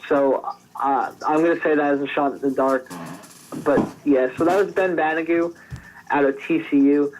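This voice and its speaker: A man's voice: on the high side, steady tone, moderate pace, rough recording. A man co-hosting a sports podcast, giving casual scouting analysis with frequent restarts. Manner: conversational, frequent restarts and fillers. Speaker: podcast co-host.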